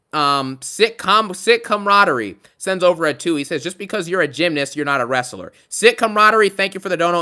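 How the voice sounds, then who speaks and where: A man's voice: a little high, bright, forceful tone. A man hosting a casual live stream, reading out donations and chatting through them with rambling asides. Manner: chatty, thanks each donor, rambling asides.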